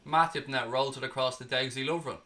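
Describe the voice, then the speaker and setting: Sweary, bright-voiced Irish-born man commentating. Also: mid-range voice, brisk. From Ireland. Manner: excitable, blunt and sweary. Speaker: fan channel host. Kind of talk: live watchalong commentary.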